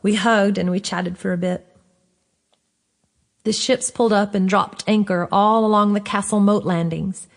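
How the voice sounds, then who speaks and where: Woman author-narrator, audiobook reading, steady and clear, mid-pitched. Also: a little slow. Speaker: author reading her own book.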